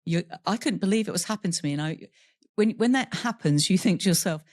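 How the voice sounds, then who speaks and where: Woman telling her story on a podcast, candid, laughs through the rough bits, dry close sound. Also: on the low side, expressive, fairly quick, a little mellow, no echo. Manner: voices other people in quoted dialogue. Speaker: podcast guest. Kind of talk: personal storytelling in an interview.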